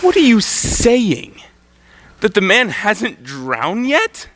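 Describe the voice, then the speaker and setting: An exasperated proper gentleman, played by a teenage boy, reacts with huffy incredulity. The voice is high, swooping and bright. The lines are performed on a school stage and sound dry and close. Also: huge pitch swings, slow, no echo, heavily acted. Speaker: student stage actor. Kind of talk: live school stage play.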